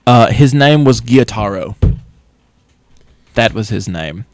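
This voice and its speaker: A man co-hosting a podcast, casually recapping an anime with lively, profane storytelling. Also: mid-range voice, slow, slight background noise. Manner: animated retelling, acting out characters in funny voices, swears freely. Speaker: podcast co-host.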